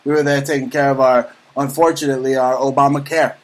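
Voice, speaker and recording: A man hosting a talk radio show, ranting loudly and excitably in casual banter. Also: mid-range voice, fast talker, low-quality recording.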